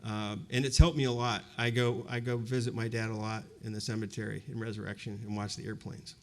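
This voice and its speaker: This fifty-something man's lowish voice is a little mellow, with a level tone and a fairly quick pace. As a university presenter speaking to a live audience, he tells a personal story in a conversational, reflective style with frequent fillers such as "you know."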